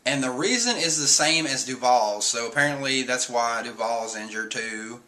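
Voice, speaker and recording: Animated and speaking at normal speed, a man with a bright, forceful mid-pitched voice rambles through a casual manga chapter recap. Fillers pad his sentences, and he often performs the characters' dialogue as he reads it.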